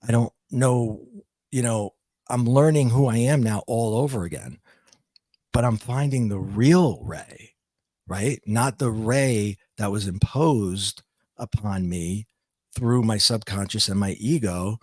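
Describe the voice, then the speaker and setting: A middle-aged man, a podcast guest, telling a personal story in a reflective, halting way with frequent restarts. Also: lowish voice, a little mellow, no room sound.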